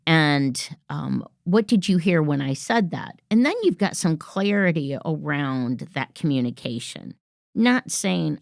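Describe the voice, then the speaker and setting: A woman's voice: lowish voice, big pitch swings, measured pace, creaky, no room sound, clean studio sound. A woman hosting a workplace podcast, coaching listeners in an assertive manner and acting out example phrases. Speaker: podcast host. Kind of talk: instructive podcast monologue.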